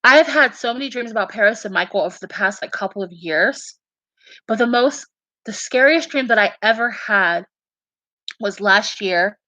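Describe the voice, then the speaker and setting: Speaking at a moderate pace, this fan has a mid-range, bright voice with a forceful tone. She shares her beliefs and dreams casually but earnestly, emphatic and prone to repeating and restarting, and the audio is dull with no echo.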